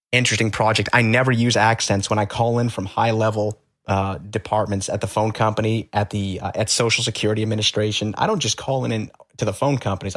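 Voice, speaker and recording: A man as an interview guest, telling stories in a halting, matter-of-fact way with many fillers. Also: lowish voice. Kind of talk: conversational storytelling.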